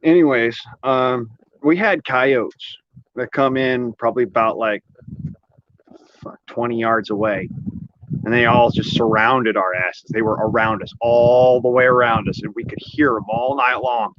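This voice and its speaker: A man's voice: mid-range voice, fairly even intonation, a little slow. A man chatting casually in a rambling, folksy way, with an occasional swear. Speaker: vlogger. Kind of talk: casual chat while showing an air gun. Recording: slightly muffled lo-fi audio.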